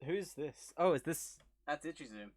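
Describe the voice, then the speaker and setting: A man's voice: a little high, expressive, normal speed, darkish tone, dry recording, studio quality. A man chatting casually on a live stream, reading out viewer messages with wry remarks.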